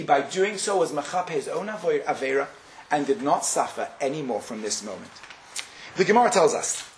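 A man giving a Torah lecture, telling stories with animated delivery and acting out the quotes. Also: reverberant, poor audio. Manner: animated, acts out quotes with sharp pitch jumps. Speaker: rabbi giving a Torah class.

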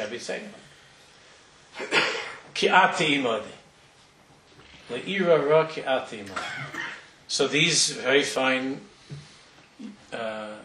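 A man's voice: mid-range voice, a bit bright, slight background noise. Middle-aged man telling a sermon story. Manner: conversational, digressive, with restarts. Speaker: rabbi giving a talk. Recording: roomy hall from far off.

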